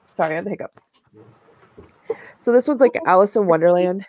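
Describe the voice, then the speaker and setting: A woman's voice: mid-range voice, moderate pace, darkish tone, dry recording. A woman co-hosting a knitting show, chatting casually and showing yarn and fabric to the camera, rambling with many "like"s and "um"s.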